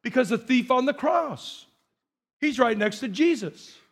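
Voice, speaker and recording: A middle-aged man with a high voice preaches from the pulpit. He asks the congregation questions and has them repeat words back to him. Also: animated, a little slow, fairly bright tone, husky. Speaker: pastor. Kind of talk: sermon.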